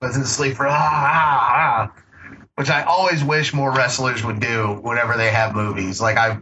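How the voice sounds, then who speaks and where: A man trading jokes on a casual movie podcast, swearing freely and breaking into laughter as he recaps scenes. His voice is bright and forward. The recording is a little dull, with a faint hiss underneath. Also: medium pitch, fairly even intonation, moderate pace. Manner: profane, laughing, recaps plot with voiced quotes. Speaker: podcast co-host. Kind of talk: casual movie review chat.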